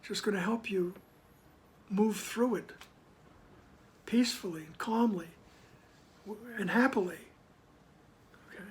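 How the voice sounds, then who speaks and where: Man, spiritual reading with commentary; hushed, near-whispered asides, slow deliberate delivery. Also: high-pitched. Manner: soft-spoken, often sinks to a whisper; slow, emphatic reading of passages. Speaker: spiritual text reader and teacher. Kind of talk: reading aloud with reflective commentary.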